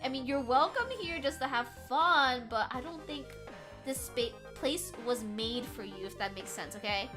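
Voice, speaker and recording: Over music, the woman speaks at normal speed in a high voice, casually chatting with her stream as she does crafts at home. Animated and loose with her swearing, she answers the chat loudly.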